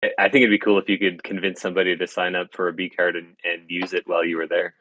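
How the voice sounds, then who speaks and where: A man's voice: deep voice, little pitch movement, quick pace, pushed and bright. A man chiming in during a casual work meeting on a video call, making offhand, tentative suggestions. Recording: dry muffled call audio.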